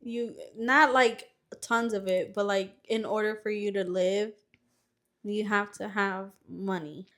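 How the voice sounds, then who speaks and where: A young woman co-hosting a podcast, telling embarrassing stories in animated casual chat, swearing often and laughing as she goes. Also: mid-range voice, slow. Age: young adult. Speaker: podcast co-host, youngest sister.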